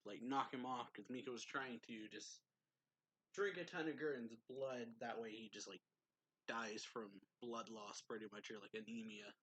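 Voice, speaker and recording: A man's voice: mid-range voice, normal speed, fairly bright tone, breathy edge, low-quality recording. A man casually recapping a manga chapter in a rambling way, full of fillers and reading quoted lines aloud. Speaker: manga reviewer.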